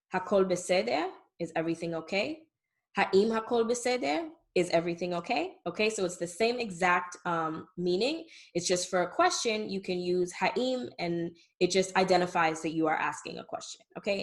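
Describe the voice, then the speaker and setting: Patient woman teaching a language lesson. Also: lowish voice. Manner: patient, explanatory, frequent "okay?" checks. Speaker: Hebrew teacher. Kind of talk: explaining lesson to camera.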